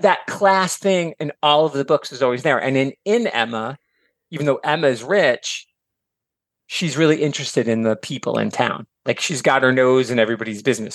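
Male podcast guest, mid-pitched, talkative and digressive, casual swearing, dry close sound. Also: fairly bright tone, dry recording. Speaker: podcast guest, author and teacher. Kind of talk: casual chat.

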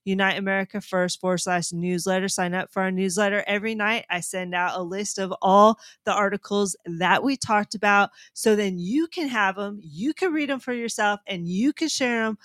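A woman co-hosting a talk show, brisk and emphatic as she reads news stories aloud. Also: mid-range voice, fairly bright tone, no room sound, clean studio sound.

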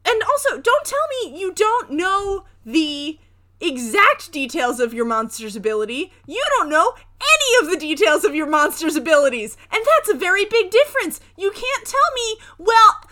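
A woman's voice: extremely high pitch, big pitch swings, normal speed, sharp tone. A young woman co-hosting a podcast, arguing her point insistently in casual chat. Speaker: podcast co-host.

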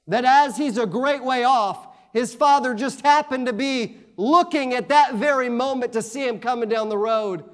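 A man preaching a sermon, reading scripture aloud and adding conversational asides that end in "amen?". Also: very high voice. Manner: reads scripture aloud in King James wording.

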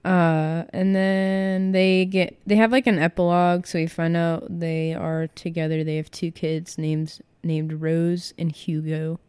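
A woman's voice: on the low side, level tone, measured pace, hardly any pauses, a little mellow, clean tone, no room sound. A young woman chatting casually about books, rambling with lots of fillers and giggles.

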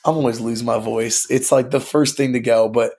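A man's voice: mid-range voice, fairly even intonation, fairly quick, darkish tone, slightly rough. A young man from California, a band singer guesting on a podcast, talking in a laid-back slangy way full of "dude" and "like". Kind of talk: casual podcast conversation.

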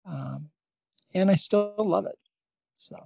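A man's voice: high voice, takes it slowly, creaky, mellow, husky, no room sound. A man who is a nurse and podcast host, telling a long story in a casual, rambling way with many restarts.

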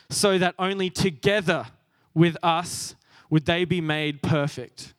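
A man's voice: sits high, a bit bright, no echo, clean studio sound. A young man preaching a sermon, earnest and self-deprecating, laughing at himself as he goes.

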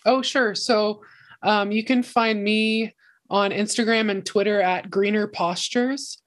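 A woman's voice: medium pitch, steady tone, slow pace. Female podcast guest, friendly and cheerful, mid-range voice, casual chat.

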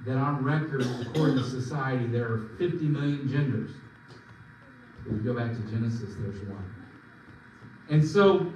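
A man preaching a sermon as pastor, emphatic, swinging between loud and soft. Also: slight background noise. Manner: emphatic preaching with sudden swings in pitch and volume. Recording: echoey room, mic at a distance.

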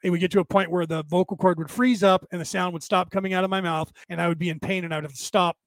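An older man talks into a close, dry mic. His worn voice sits a little high for a man, and he rambles on with restarts and asides. He sounds tired after hours of talking. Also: steady tone, fast talker, no room sound. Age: older, with graying hair. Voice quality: says his voice is damaged but penetrating. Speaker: podcast host. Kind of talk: casual monologue.

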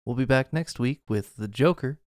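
A man hosting a film podcast, chatting casually in wry, relaxed banter. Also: mid-range voice, moderate pace, dry recording, clean studio sound. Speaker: podcast host. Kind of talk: casual chat.

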